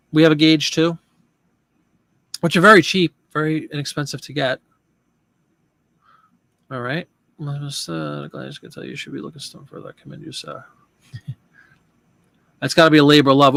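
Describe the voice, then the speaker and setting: A man's voice: mid-range voice, fairly bright tone, dry recording. A man hosting a live chat show, talking casually and rambling with restarts and asides.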